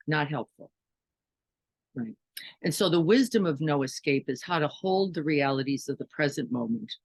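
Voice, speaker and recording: A woman's voice: extremely low pitch, creaky, slightly rough, dry recording, rough recording. A woman giving a conversational dharma talk as a meditation teacher, often checking in with listeners with questions and "right?". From Chicago, United States.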